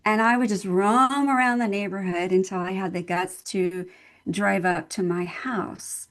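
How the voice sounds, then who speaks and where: Older woman, nurse and interview guest. Earnest, heartfelt, mid-pitched storyteller who repeats herself for emphasis. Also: fairly even intonation, a little slow, fairly bright tone. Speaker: summit guest speaker, nurse. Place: at home in Texas.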